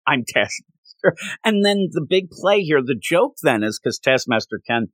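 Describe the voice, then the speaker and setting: Lively, exasperated man in a dry room. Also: fairly high pitch, normal speed, dry recording. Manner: animated, exasperated ranting with laughs. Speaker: podcast co-host. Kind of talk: casual comic book review chat.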